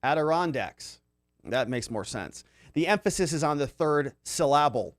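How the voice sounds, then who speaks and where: Lively, animated man. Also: on the high side, moderate pace, dry recording, clean studio sound. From Arizona. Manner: animated, conversational, many fillers. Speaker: livestream host reading chat. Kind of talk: casual commentary.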